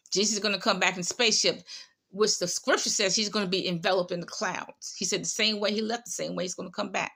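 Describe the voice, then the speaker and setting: A woman's voice: medium pitch, sharp tone. A woman giving casual commentary on online prophets, sarcastic and scolding, often repeating herself and tagging lines with "okay?".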